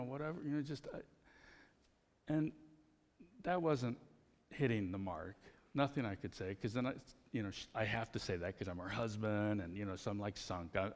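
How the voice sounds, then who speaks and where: Gravelly pastor preaching in a reverberant hall. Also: male voice, lowish voice. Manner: conversational storytelling, animated. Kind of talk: sermon.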